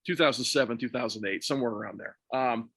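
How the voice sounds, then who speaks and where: A man's voice: medium pitch, fast, breathy edge, no room sound, studio quality. A man telling a rambling, profane story in casual podcast chat, laughing as he goes. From Texas. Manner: animated, profane, laughs through his own story. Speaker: podcast co-host or guest.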